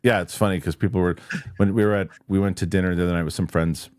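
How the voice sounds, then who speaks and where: A man hosting a casual live stream, reading viewer comments aloud in an animated, chatty way and laughing easily. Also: low-pitched, quick pace, smooth, no room sound, clean studio sound. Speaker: show host.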